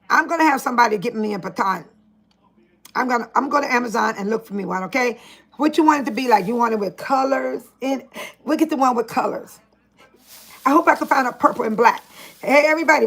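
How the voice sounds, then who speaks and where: A woman's voice: a little high, animated, a little fast, gravelly, long pauses, slightly rough. An older woman chatting casually on a live stream from home into her phone, laughing often and calling out to her viewers by name.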